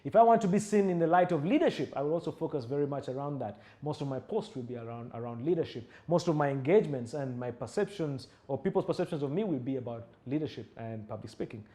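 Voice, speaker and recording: A man, coaching public speaking in a live masterclass, emphatic and animated with hesitant restarts. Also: medium pitch, quick pace, hardly any pauses. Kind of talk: live online masterclass answering questions.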